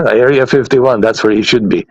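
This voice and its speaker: A man's voice: mid-range voice, measured pace, dry recording, rough recording. A man hosting a podcast in a casual, blunt rant, swearing heavily and laughing at his own points. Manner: heavy swearing, blunt and exasperated, laughs often. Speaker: podcast host.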